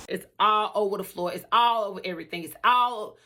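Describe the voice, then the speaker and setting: Animated bright-voiced woman telling her story. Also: medium pitch, brisk. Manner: animated, emphatic, repetitive. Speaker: storyteller vlogger. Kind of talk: casual storytelling vlog.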